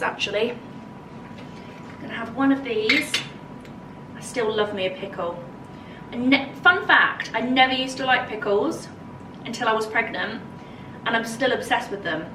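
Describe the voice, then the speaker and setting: A woman's voice: a little high, recorded from a distance, background noise. Bubbly English woman vlogging. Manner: chatty, bubbly, thinking aloud while tasting food. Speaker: lifestyle vlogger. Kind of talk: casual vlog chat. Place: home kitchen, then outdoor garden.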